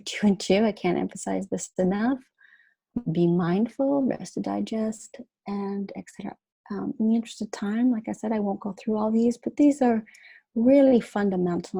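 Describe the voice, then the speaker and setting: A woman's voice: medium pitch, gravelly, dark tone, slightly rough, no room sound, low-quality recording. A woman presenting a nutrition webinar lecture, talking informally with fillers and restarts.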